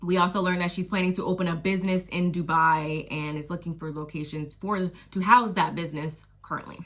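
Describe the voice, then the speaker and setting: A woman's voice: on the low side, steady tone, fairly quick. A woman casually recapping a reality TV episode in a chatty, slangy way, laughing and acting out her own reactions.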